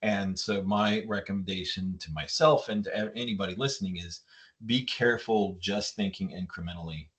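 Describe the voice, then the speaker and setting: Deep-voiced reflective man. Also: moderate pace, fairly bright tone. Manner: reflective, retelling a story at length. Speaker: interview guest, yacht designer. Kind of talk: conversational interview.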